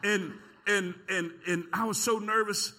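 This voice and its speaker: A man's voice: high-pitched, a little slow. A middle-aged man preaching a sermon in a church, telling a folksy story and calling out to the congregation. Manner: animated, folksy, talks to the congregation. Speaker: pastor. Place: church sanctuary.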